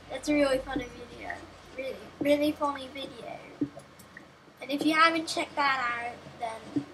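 High-pitched bright woman rambling over gameplay. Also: measured pace, long pauses, a little hiss or hum, low-quality recording. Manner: rambling, self-talking, jokey. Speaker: gameplay commentator. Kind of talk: casual gameplay commentary.

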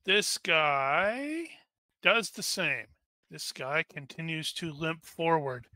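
A man runs a tabletop battle as game master. He talks through each roll methodically and at an unhurried pace. His voice is bright and slightly high, recorded dry and close. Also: lively intonation, dry recording. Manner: methodical, narrates dice rolls aloud. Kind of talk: running a tabletop combat.

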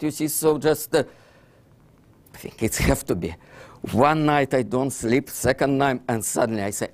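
A man's voice: mid-range voice, moderate pace, a little mellow. An older man from Russia with a heavy Russian accent, an author giving a book talk in broken English, full of fillers and "you see, so". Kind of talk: lecture presentation.

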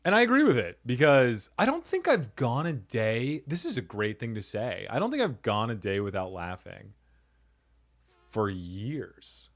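A man hosting a comedy podcast in a loose, playful way, laughing often between jokes. His voice sits in a middle register and swings widely in pitch. The talk is relaxed chat. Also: unhurried. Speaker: podcast host.

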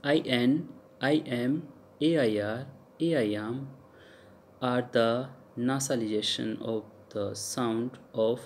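Indian guy giving a french pronunciation lecture, super slow, repeats every sound, lots of uhs. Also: medium pitch, slight background noise. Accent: Indian English. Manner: slow, repeats each example sound several times; hesitant, with frequent uh fillers. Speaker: French teacher.

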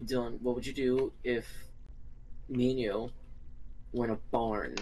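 Casting: young man, casual gaming banter, teasing and laughing, mid pitch, faint background noise. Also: fairly even intonation, unhurried, warm tone, poor audio. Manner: joking, teasing, frequent laughter. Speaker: gaming friend.

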